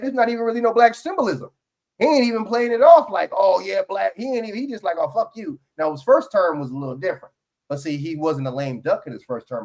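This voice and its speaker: Fired-up New man ranting. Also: a little high. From New York. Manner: profane, heated ranting with many restarts. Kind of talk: heated political podcast chat.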